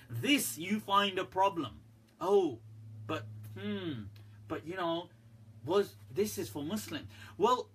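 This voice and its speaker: With a high, fairly bright and slightly rough voice, this Islamic scholar hosts a live-stream religious talk in a chatty, casual way. Fillers abound and he laughs at his own jokes, recorded through a front-facing phone or webcam.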